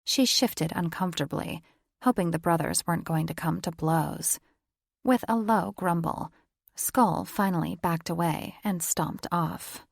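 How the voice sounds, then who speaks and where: A woman narrating a romance audiobook in a measured, even storytelling voice. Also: lowish voice, creaky, dry recording, studio quality. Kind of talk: scripted narration.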